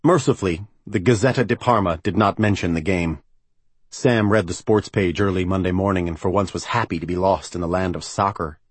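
Deep, husky male audiobook narrator. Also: fairly quick, no echo. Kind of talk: scripted narration.

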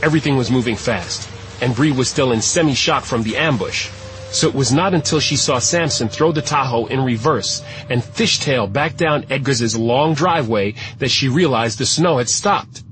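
A man narrating an audiobook in a steady, measured storytelling voice. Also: mid-range voice, soft background music, low-quality recording. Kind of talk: scripted narration.

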